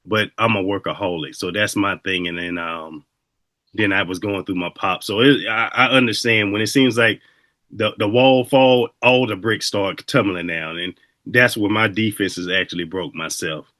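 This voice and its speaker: A man's voice: lowish voice, normal speed, sharp tone, dry recording. A man hosting a podcast, talking in a laid-back, reflective way with loose, rambling stories. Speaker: podcast host. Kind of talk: casual interview chat.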